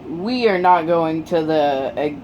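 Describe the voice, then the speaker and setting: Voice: medium pitch, slow, dull audio, slight background noise, lightly acted. Storyteller doing a blunt tired male teacher. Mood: curt.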